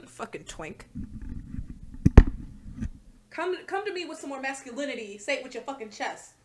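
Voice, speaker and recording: A woman's voice: high-pitched, lively intonation, fast, very noisy. A woman hosting a reaction video, talking in blunt, profane, exasperated rants. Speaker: reaction channel host. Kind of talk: casual reaction commentary.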